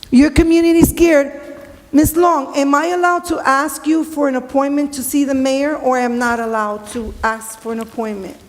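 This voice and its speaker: A woman speaking during public comment at a city council meeting, blunt, emotional and profane. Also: sits high. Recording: long reverb of a council hall.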